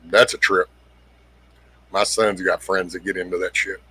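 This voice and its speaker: A man's voice: low voice, little pitch movement, moderate pace, pushed and bright, breathy edge. A middle-aged man hosting a casual livestream, rambling bluntly, swearing freely and greeting viewers by name. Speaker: livestream host. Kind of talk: casual livestream chat reading comments.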